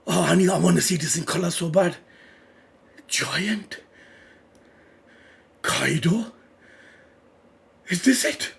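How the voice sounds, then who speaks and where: High, gravelly, excitable male reactor. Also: slow pace, pauses often. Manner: swings between loud excited shouting and low muttered reading-along. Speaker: manga reaction streamer. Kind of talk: live reaction commentary.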